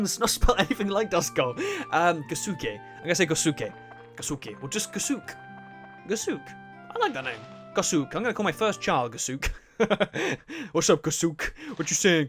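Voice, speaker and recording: A man's voice: fairly high pitch, a bit bright. Rambling, joking let's-play guy. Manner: rambling, joking, swears a lot, laughs often. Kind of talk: casual gameplay commentary.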